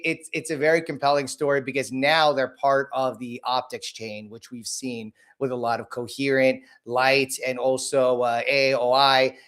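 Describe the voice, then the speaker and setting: A man with a hoarse, cold-worn voice talks through the day's market on a livestream. He is casual and blunt, circling back over the same points and tripping into restarts. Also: medium pitch, a bit bright. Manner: rambling, repeats himself, frequent restarts; blunt and casual, greets viewers by name.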